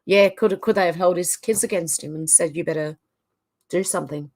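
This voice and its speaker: An Australian woman hosts a casual livestream, reading out each viewer's name and comment one after another. Her voice sits a little low for a woman. Her delivery is chatty and easygoing. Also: fairly quick, a little mellow. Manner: casual, chatty, reads names and comments in turn. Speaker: livestream host. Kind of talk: reading live chat comments aloud.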